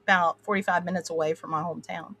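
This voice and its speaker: Speaking fast in a lowish, slightly rough voice with a fairly bright tone and fairly even intonation, this Appalachian woman from the USA rambles through casual chat in her twang. She fills her talk with fillers and laughs a lot, and the recording is dry.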